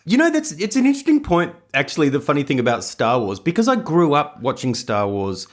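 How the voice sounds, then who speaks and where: Chatty man with lively pitch. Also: a little fast, a little hiss or hum. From Australia. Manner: chatty, storytelling, laughs often. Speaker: podcast co-host. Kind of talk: casual chat.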